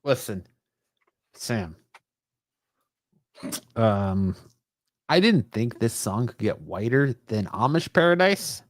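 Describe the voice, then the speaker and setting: A man's voice: medium pitch, big pitch swings, slow pace, long pauses, a little hiss or hum. A man co-hosting a casual comics podcast, teasing his co-host between segments with filler-laden, hesitant banter.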